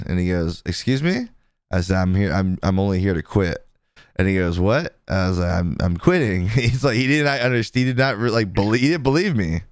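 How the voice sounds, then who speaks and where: Low, smooth-voiced man telling a story with laughter. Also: no echo, studio quality. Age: 30s. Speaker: podcast co-host. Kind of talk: casual chat.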